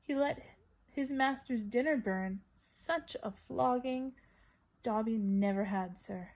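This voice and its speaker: A woman's voice: a little high, slow, a little mellow. A woman voicing a small, miserable male house elf who pleads in a whisper. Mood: anxious.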